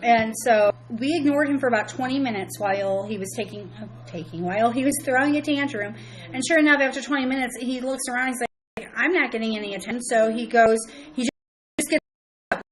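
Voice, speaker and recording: A woman with a slightly high voice talks casually on a live stream from her home, where her small children are nearby. She rambles and halts, restarts her sentences often, and breaks off to greet viewers in the chat by name. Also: low-quality recording. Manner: rambling, halting, with many restarts and fillers.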